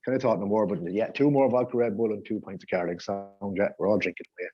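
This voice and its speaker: A man's voice: on the low side, fast talker, few pauses, dark tone, breathy edge, no echo, highs cut off. A man with an Irish accent telling a rowdy, sweary story on a podcast. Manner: rowdy, swearing anecdote teller. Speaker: podcast panelist. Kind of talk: casual storytelling.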